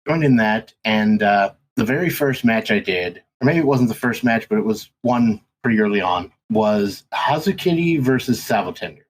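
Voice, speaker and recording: A man's voice: on the low side, lively intonation, normal speed, hardly any pauses, a little hiss or hum, poor audio. A man guesting on a podcast, telling stories in casual chat with lots of ums and restarts. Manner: rambling, many ums and restarts. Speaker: podcast guest, race commentator.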